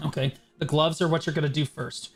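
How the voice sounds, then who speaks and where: A man's voice: a little high, steady tone, breathy edge, soft background music. A man streaming live, walking viewers through a game gearing guide in a brash, profane, casual way, tagging his points with "okay". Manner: brash, profane, explains in quick bursts with many "okay"s. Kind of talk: casual livestream commentary.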